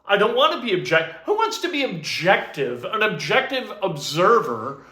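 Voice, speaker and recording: A man's voice: sits high, big pitch swings, normal speed, bright, forceful tone, echoey room. A man co-hosting a sports talk show, blunt and opinionated in casual chat.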